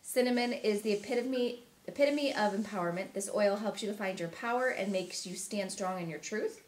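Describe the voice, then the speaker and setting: A woman host reads passages aloud at home in a cheerful, steady way. Her mid-pitched voice sounds natural. The room is echoey. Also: a little fast. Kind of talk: reading aloud from a book and chatting.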